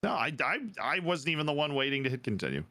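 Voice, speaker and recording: A man's voice: mid-range voice, very animated, fast, pushed and bright, a little hiss or hum. A man bantering with friends on a voice call during a group game, firing off teasing comebacks. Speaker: player in an online group game.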